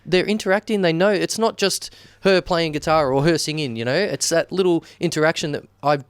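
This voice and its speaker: Australian man, thirties, lively storyteller, slightly high voice, smooth and clear, dry close sound. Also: brisk, dry recording. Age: 30s. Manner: animated storyteller, lots of restarts. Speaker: guest, wedding videographer. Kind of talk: casual chat.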